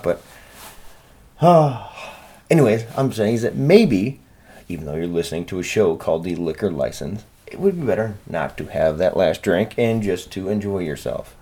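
A man's voice: fairly low pitch, expressive, a little fast, a little mellow, husky. A man hosting a solo podcast, rambling and swearing in a self-deprecating, casual way. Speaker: podcast host.

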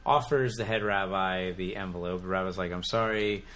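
A young man casually retelling family jokes, telling stories relaxed with fillers. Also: deep voice, brisk. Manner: relaxed storytelling with fillers and laughs. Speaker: joke teller. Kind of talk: casual chat.

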